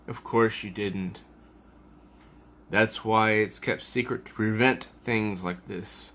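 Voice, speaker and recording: Slow-talking man reviewing comics. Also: lowish voice, steady tone, bright, forceful tone. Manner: unhurried, musing, with hesitations. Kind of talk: casual comic review, reading aloud.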